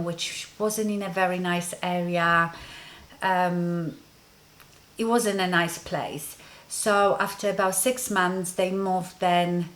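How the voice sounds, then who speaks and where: A Polish-accented woman vlogger telling a story from her life. She speaks slowly, with an unhurried and relaxed rhythm, and her voice sits a little low. She rambles along, filling pauses with ums. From Poland. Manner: rambling, conversational, frequent ums. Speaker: beauty vlogger. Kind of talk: casual story-time monologue.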